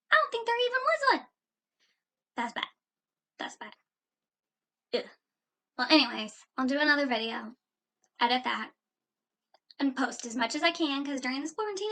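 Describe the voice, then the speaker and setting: A young woman talks to her camera at home in a casual reaction vlog. Her voice sits high and bright, and her tone turns animated and exasperated as she tells her story. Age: young adult. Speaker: vlogger. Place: indoors at home.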